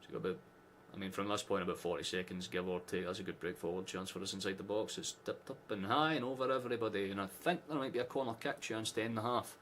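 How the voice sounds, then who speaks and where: A man's voice: on the low side, fast, hardly any pauses, a bit bright, slight background noise. A Scottish man hosting a live football watchalong, chatting casually with sarcastic asides and frequent swearing. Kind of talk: casual live match chat.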